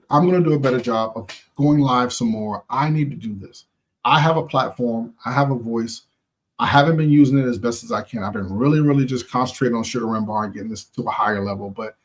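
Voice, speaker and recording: A man's voice: mid-range voice, fairly bright tone. A man hosting a live stream, giving an impassioned, preachy motivational talk in casual slang, repeating phrases for emphasis and talking straight to his viewers.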